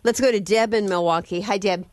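A woman's voice: mid-range voice, brisk, dry recording. A woman hosting a radio call-in show, taking calls and answering with brief interjections. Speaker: radio host.

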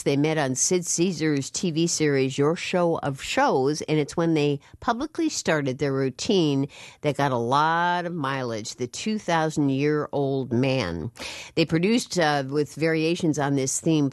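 Radio host, woman, very low voice, dry close studio sound, measured read. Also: no echo. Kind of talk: scripted radio introduction.

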